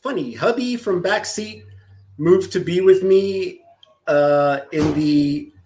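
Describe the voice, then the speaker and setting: Crude joking guy from LA on a stream, high voice, takes his time talking. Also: slow pace, darkish tone. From Los Angeles, California. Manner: crude, joking, often laughing. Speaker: streamer reading chat. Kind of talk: casual live-stream chat.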